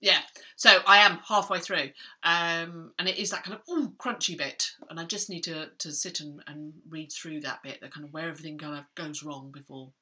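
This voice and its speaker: Bright, chatty woman. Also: low-pitched, fairly even intonation, moderate pace. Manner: rambling, self-interrupting, chatty. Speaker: book vlogger. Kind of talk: chatty book vlog.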